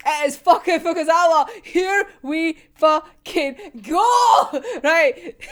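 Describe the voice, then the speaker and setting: Lady ranting about a manga, high voice, swears loads, laughs a lot. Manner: animated, swearing, laughing often, breaking into squeals. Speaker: manga reaction host. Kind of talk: excited casual reaction chat.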